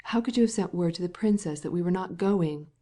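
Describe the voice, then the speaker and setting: A woman voicing a sickly, irritable male painter with a hoarse voice, in an audiobook. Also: on the low side, fairly quick, warm tone, natural voice. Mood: agitated.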